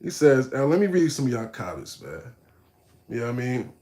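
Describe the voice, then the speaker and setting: Speaking fairly quickly, a live streamer reacts to a video and addresses his chat in street slang. The man sounds animated and mocking on this casual stream, muttering low one moment and bursting out loud the next.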